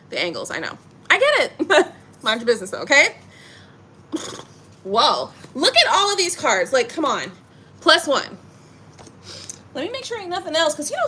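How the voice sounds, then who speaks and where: A woman giving a casual, playful tarot reading, talking in an animated way full of slang and laughter. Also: high-pitched. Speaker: tarot reader.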